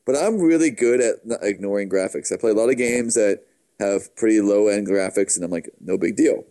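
A man's voice: on the low side, a little fast, mellow. Easygoing man meandering through game talk. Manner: easygoing, meandering, self-correcting. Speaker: podcast co-host. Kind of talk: casual gaming chat.

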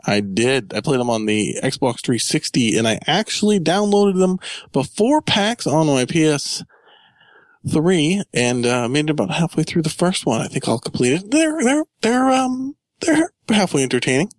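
A man's voice: a little high, sing-song, moderate pace, no room sound. A man hosting a gaming podcast, joking and chatting casually with his co-host.

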